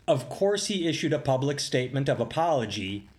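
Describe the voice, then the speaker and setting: On a casual podcast, a male co-host tells news stories in a loose, joking way and laughs often. His mid-range voice swings widely in pitch, moves fairly quickly, and sounds a little mellow.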